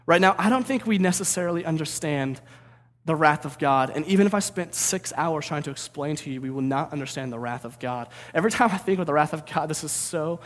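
A preacher from St. Louis giving an energetic, conversational sermon, often checking in with "right?". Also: male voice, fairly high pitch, brisk, in a large hall. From St. Louis, USA.

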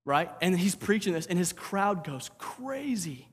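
A man's voice: sits high, big pitch swings, measured pace, slightly rough, big-room sound. A man preaching a sermon as pastor, talking casually, repeating words and asking "right?".

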